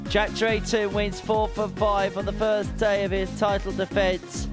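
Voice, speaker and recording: A man calling a darts match live in a bright, high register with a touch of music underneath. He lifts sharply when the action heats up, and his commentary stays lively throughout. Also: unhurried.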